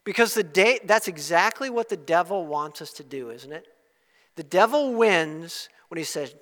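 A male pastor delivers an impassioned sermon in a high, bright voice. His preaching swells to fervent, loud peaks and then falls back quiet. The sound rings with the long reverb of a church hall. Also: lively intonation, unhurried.

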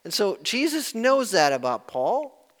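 A man preaching a sermon in an earnest way, rising to loud emphasis and dropping to hushed tones when quoting. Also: sits high, big pitch swings, unhurried, in a large hall. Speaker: pastor.

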